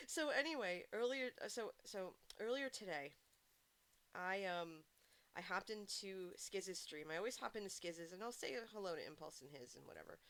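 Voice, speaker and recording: A woman's voice: medium pitch, lively intonation, moderate pace, a bit bright. A woman chatting casually while streaming a game, rambling through stories and answering her chat.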